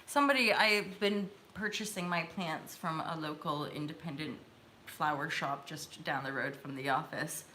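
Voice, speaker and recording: Brief: woman, host of a live tarot stream, bright and bubbly, giggly, chatty. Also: sits low, moderate pace, slight background noise. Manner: bubbly and giggly, talks straight to viewers. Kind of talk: casual chat.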